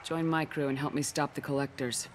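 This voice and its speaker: A woman's voice: sits low, steady tone, fairly quick, a little hiss or hum, close to an everyday voice. Woman doing a no-nonsense ship commander, direct and level, game dialogue. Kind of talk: video game voice acting.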